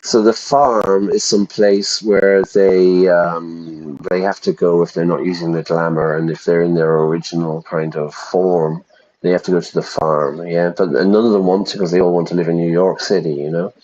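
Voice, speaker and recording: Man, English teacher, streaming a game, casual chatty explaining, low voice, dull lo-fi audio. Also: little pitch movement, normal speed, a little mellow, a little hiss or hum. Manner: explains words, chatty, asks viewers. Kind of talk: casual game commentary for learners. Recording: dull, lo-fi sound.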